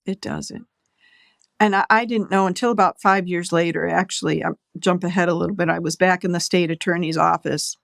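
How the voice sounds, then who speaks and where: A middle-aged woman telling a personal story as a podcast guest, earnest, slowing down for quoted voices. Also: lowish voice, steady tone, gravelly, dry recording, studio quality.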